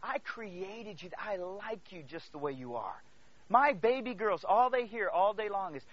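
High, bright-voiced pastor preaching dramatically. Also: male voice, animated, a little slow. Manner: dramatic swings from hushed near-whisper to loud exclamation; storytelling, calls out to the congregation. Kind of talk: sermon. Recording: dull lo-fi recording.

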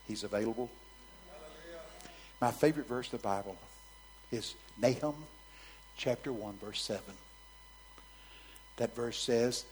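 A man preaching a sermon, telling a story vividly in a frank, conversational way that swings from soft near-whispers to loud, emphatic bursts. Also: medium pitch, moderate pace, pauses often, a little hiss or hum, low-quality recording.

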